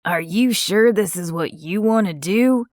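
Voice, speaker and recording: A woman's voice: mid-range voice, unhurried, darkish tone, no room sound, clean studio sound, close to an everyday voice. Woman doing a placating, pushy man. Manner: placating with an edge. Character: pushy man, pleading then sneering.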